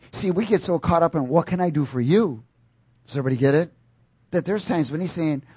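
Animated preaching man, dry close sound. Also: on the high side, fairly quick, long pauses, breathy edge, no echo. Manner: animated preaching, sudden loud outbursts and asides to the congregation. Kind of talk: sermon.

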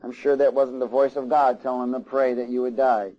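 A man's voice: medium pitch, flat delivery, brisk. A man preaching a sermon, reading scripture aloud and stopping for asides and questions to the congregation. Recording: slightly dull, lo-fi sound.

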